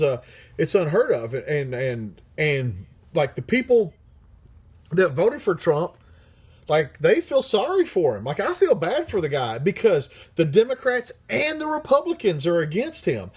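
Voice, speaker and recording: A middle-aged man with a husky voice runs a casual livestream and reads out viewer comments. His delivery is blunt and full of profanity, and he laughs often. His pitch sits fairly high and swings widely as he talks. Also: sing-song, unhurried. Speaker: livestream host.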